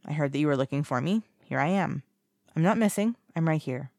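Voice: mid-range voice, lively intonation, brisk, a little mellow, no room sound, clean studio sound, natural voice. A reader voicing a guarded young man who speaks with cool, detached politeness. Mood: cool, distant. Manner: evasive, coolly detached.

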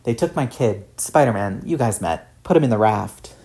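A man voicing a glib, quick-witted grown man who dodges with fast wisecracks. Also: lowish voice, animated, dark tone. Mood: evasive.

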